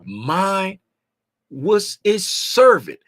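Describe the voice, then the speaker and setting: Livestream host, middle-aged man, bright and lively, chatty with viewers, dry close mic. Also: high voice, very slow, no echo. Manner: animated, greets chat viewers by name; drops to a hushed, confiding tone at times. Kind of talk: casual livestream chat.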